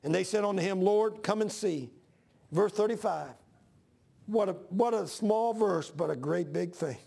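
A man's voice: sits high, a little slow, creaky, dark tone, slightly rough. A man in his sixties preaching a folksy, repetitive sermon to his church. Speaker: pastor.

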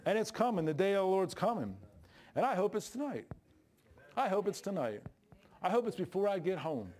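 A man's voice: sing-song, brisk, darkish tone. Folksy, emphatic male preacher. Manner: folksy, emphatic preaching with sudden pitch jumps and laughs. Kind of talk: sermon.

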